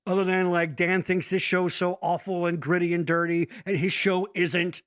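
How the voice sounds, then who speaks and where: A man's voice: high voice, moderate pace, smooth. A man hosting a podcast in casual chat, joking and cursing freely. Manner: joking, profane, animated. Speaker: podcast host.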